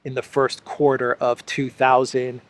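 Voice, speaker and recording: A man's voice: mid-range voice, little pitch movement, unhurried, dry recording. A man hosting a solo political commentary show, talking sarcastically and repeating phrases for effect.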